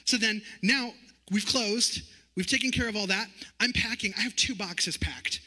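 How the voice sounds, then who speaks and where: A man in his thirties gives a personal testimony in the manner of a sermon, telling his story vividly and acting out the dialogue. His voice sits high for a man and sounds very bright and forward. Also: moderate pace. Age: 30s. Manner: animated storytelling, acts out quoted dialogue.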